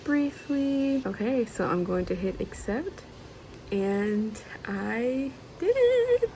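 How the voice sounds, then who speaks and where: A woman's voice: mid-range voice, slow pace, a little mellow, a little hiss or hum, poor audio. A young woman vlogging in a frustrated, emotional way, swearing often as she vents. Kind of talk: casual venting vlog.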